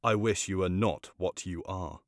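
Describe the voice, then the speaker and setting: Bitter young prince, read by a man, deep voice, sharp reproach, dry recording. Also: fairly even intonation, normal speed, dry recording, natural voice. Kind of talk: storybook reading.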